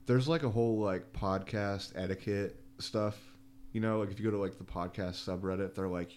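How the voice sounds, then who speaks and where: A young man with a low voice, chatting on a podcast in a loose, joking way. Light room noise sits behind him, and his tone stays easygoing. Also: moderate pace. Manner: relaxed, jokey, says "like" often. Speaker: podcast co-host, small business owner. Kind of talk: casual podcast chat.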